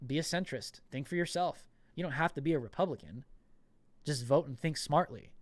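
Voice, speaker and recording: A man's voice: fairly high pitch, a little fast, no room sound. Indignant male podcast host, dry sound. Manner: indignant, emphatic, repeats words. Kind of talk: political commentary podcast.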